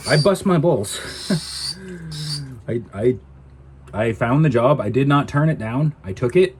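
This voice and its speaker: A man's voice: mid-range voice, animated, measured pace, slight background noise. A man ranting to camera in a casual vlog, indignant and exasperated. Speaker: vlogger.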